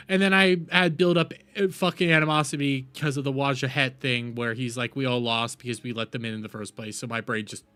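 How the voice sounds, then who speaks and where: A man from the United States, a live streamer, ranting furiously, swearing often, shouting and repeating himself. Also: a little high. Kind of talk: angry live-stream rant.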